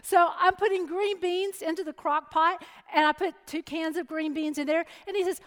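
A middle-aged woman preacher giving a sermon and telling a personal story in a lively, chatty way. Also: very high-pitched, normal speed. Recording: long hall reverb.

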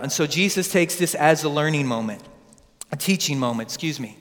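A man preaching a sermon, retelling scripture with lively asides to his congregation in a church. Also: on the high side, brisk. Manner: animated storytelling with asides to the congregation. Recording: long hall reverb.

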